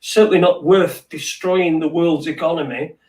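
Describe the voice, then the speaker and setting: Male host, slightly high voice, hesitant with fillers; far from mic, echoey room, online call. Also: steady tone, moderate pace, darkish tone. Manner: hesitant, fillers between thoughts. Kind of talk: casual chat.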